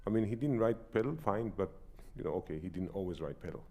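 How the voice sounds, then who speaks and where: A man's voice: low voice, expressive, fast talker, dark tone. A man teaching a piano masterclass, singing rhythms with syllables as he coaches. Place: recital salon.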